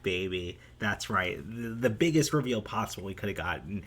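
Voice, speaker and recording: Low-pitched male vlog host, excitable unscripted commentary, desktop mic. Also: moderate pace. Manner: excitable, breaks into laughs, many fillers and restarts. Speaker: vlog host analyzing a manga chapter. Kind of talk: off-the-cuff commentary.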